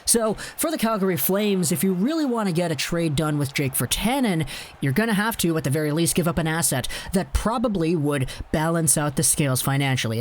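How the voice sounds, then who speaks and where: A young man hosting a solo hockey commentary video, talking in a chatty, opinionated way with a touch of sarcasm. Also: a little high.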